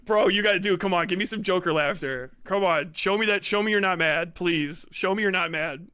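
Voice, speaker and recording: A man's voice: high-pitched, brisk, bright, forceful tone, clean tone, dry recording. A man in his thirties on a stream, teasing and goading a younger guest with frequent laughter. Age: 30s. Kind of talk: mocking live-stream banter.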